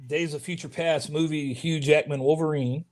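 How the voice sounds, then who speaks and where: A man's voice: on the high side, fairly even intonation, normal speed, a little mellow. A man who works as a youth minister, co-hosting a casual live chat in a laid-back, drawling way and laughing often. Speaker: co-host.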